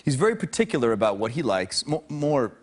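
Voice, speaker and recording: A man's voice: medium pitch, very animated, brisk. A man in his thirties telling a talk show anecdote; his L and R sounds come out as W. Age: 30s. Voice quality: speech impediment, L and R sound like W. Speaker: celebrity guest.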